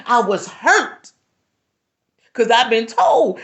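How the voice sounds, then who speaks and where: A spiritual teacher hosting a live stream delivers an impassioned monologue in an unhurried, very animated mid-range voice, recorded on a phone or webcam. At times she sounds near tears as she preaches fervently to viewers.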